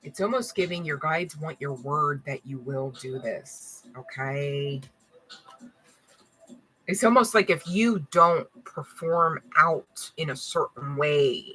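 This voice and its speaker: Slangy, forceful woman card reader. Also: low voice, a little hiss or hum, poor audio. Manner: slangy and blunt, swears, laughs often. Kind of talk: casual reading to a collective audience.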